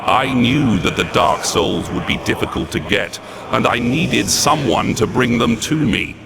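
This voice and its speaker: Legion, gravelly sneering demon. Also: male voice, mid-range voice, expressive, measured pace, background noise. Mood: triumphant. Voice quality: gravelly, theatrical, mocking. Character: malevolent demonic entity, sneering male overlord. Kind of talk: video game cutscene.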